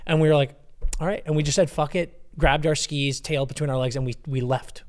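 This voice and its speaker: A young man co-hosting a podcast, telling a story in an animated, casual way and swearing freely. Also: fairly high pitch, brisk. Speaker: podcast co-host. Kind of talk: casual chat.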